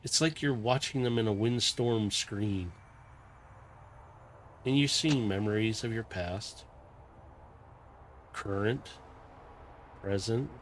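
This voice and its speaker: A man running a tabletop game as game master, narrating a dream scene in a calm, meandering, descriptive way. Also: fairly low pitch, slow, pauses often, a little hiss or hum.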